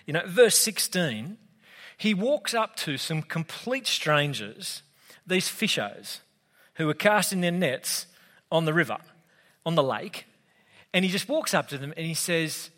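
Australian male pastor, slightly high voice, chatty joking sermon, long reverb hall. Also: sing-song, unhurried, fairly bright tone. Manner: casual, conversational, humorous asides.

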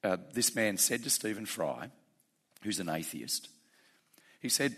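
A man with a fairly low voice preaching to his congregation. He talks plainly and conversationally, then presses his points with growing fervor. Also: animated, moderate pace, pauses often, a bit bright, slightly rough. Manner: conversational and plain-spoken, rising to fervent emphasis. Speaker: pastor. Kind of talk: sermon.

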